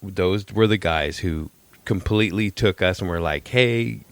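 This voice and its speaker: A man's voice: low-pitched, moderate pace, dry recording. A man co-hosting a podcast in casual chat, chiming in with asides and quips. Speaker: podcast co-host.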